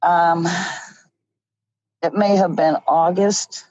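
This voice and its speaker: A middle-aged woman telling a story in a casual, animated way, often laughing as she goes. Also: lowish voice, very slow, dry recording. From Ohio. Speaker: guest. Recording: dull lo-fi audio.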